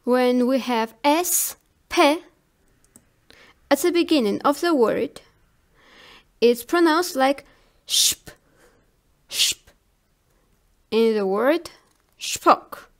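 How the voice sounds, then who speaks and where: A woman teaching a pronunciation lesson, who spells out letters one at a time and repeats each example word slowly and carefully. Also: high-pitched, lively intonation. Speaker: language teacher.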